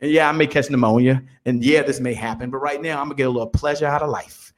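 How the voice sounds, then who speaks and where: A man in his fifties, a business guest on an interview show, telling stories in an animated motivational way and often repeating words as he builds up. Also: mid-range voice, quick pace. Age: 50s. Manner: animated storyteller, repeats words when excited.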